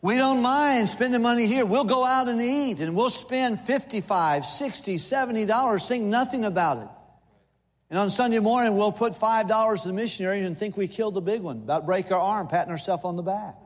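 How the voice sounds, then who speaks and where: A man's voice: high-pitched, a little fast, in a large hall. A man in his sixties preaching a sermon in a church, folksy and humorous, with lists and playful asides. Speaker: visiting missionary preacher. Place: church sanctuary.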